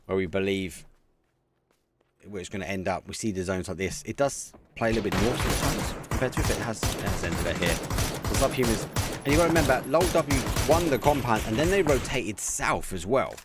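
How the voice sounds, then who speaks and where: A man casting a live esports match as a community caster, chatty and excitable, talking to viewers between plays. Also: on the low side, a little fast, noisy background. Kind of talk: live community game commentary.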